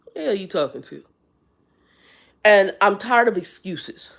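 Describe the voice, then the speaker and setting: A woman's voice: mid-range voice, expressive, normal speed, creaky, fairly bright tone. A blunt, exasperated woman in her fifties, ranting on a live stream as the channel's host. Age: 50s. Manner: blunt, exasperated, talks straight to viewers. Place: Arizona.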